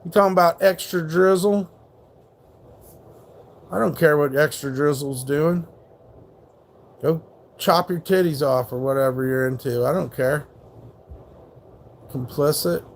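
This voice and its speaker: A man's voice: a little high, unhurried, long pauses, a little hiss or hum. A man hosting a live stream, ranting in a rambling, profane and mocking way while reacting to chat. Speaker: livestream host.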